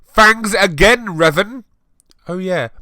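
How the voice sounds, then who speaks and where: A man voicing a gushing, whiny teenage girl fanfic author in a shrill, pleading tone. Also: animated, takes it slowly, sharp tone, no echo, heavily acted.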